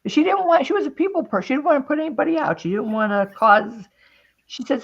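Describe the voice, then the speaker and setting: A woman's voice: sits high, fast. A woman chats casually as host of a craft stream, telling a long personal story. She slips into quoting what others said and laughs often. The audio is a little dull and lo-fi. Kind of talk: casual chat.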